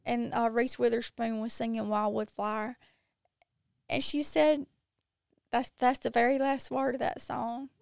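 Middle-aged woman, Mississippi drawl, slightly high voice, casual chatty guest, laughs a lot. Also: unhurried, vocal fry, clear, resonant tone, no echo, studio quality. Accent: Mississippi Southern. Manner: animated, laughs often. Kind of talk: casual chat.

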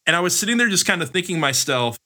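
A man's voice: high voice, very animated, very fast, bright, forceful tone. A man co-hosting a podcast in casual chat, a rambling storyteller with a wry, self-mocking manner. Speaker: podcast co-host.

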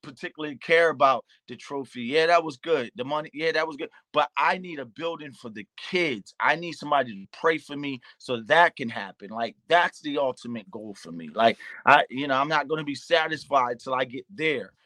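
With a bright, forceful tone at medium pitch, this man speaks at a normal speed and barely pauses. He's a pastor and youth nonprofit founder sharing a heartfelt story of his own, circling back on words and dropping into quoted lines, and the audio has no echo.

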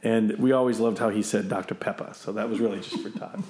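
A man's voice: lowish voice, steady tone, quick pace, mellow, echoey room, a little hiss or hum. A man hosting a casual podcast movie quiz, chatty and self-deprecating, laughing often. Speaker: quiz host.

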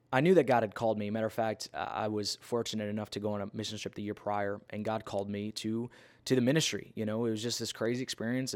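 A man telling a personal story in a sermon, animated and conversational, with many fillers and restarts. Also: lowish voice. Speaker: preacher.

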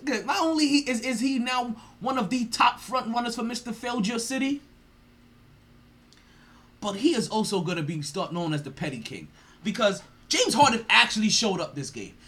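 A man's voice: extremely high pitch, lively intonation, normal speed, pushed and bright. A man hosting a sports podcast, ranting in a profane, mocking way and laughing often. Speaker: podcast host.

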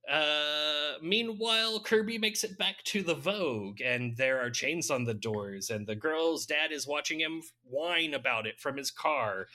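A man's voice: fairly high pitch, sharp tone. A man casually recapping a film's plot on a podcast, laughing often and cracking dry jokes. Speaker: podcast host recapping a film. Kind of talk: casual chat.

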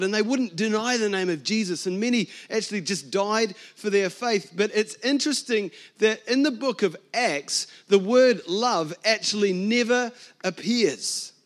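A middle-aged man with a New Zealand accent preaching a sermon. His voice sits high for a man, and he keeps things conversational, lively and full of asides and jokes. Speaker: pastor.

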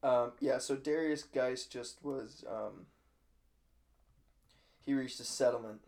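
A man's voice: medium pitch, takes it slowly, creaky, darkish tone. A man co-hosting a casual sports podcast, laid back and hesitant with fillers. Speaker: podcast co-host.

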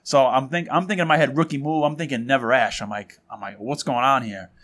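A man's voice: mid-range voice, a little fast. A man hosting a podcast, telling a story in casual chat and acting out the quoted lines with energy. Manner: animated storyteller, acts out quotes. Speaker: podcast host.

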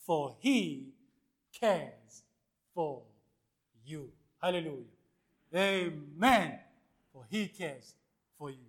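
With a voice on the high side and a measured pace, a male pastor preaches a sermon. He moves between loud and hushed lines while calling to the congregation for responses.

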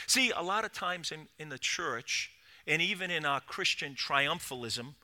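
A middle-aged man preaching a sermon as pastor, dropping to a hush and then rising to loud cries, with quick repeated restarts. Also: sits high. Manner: swings from hushed to loud preaching.

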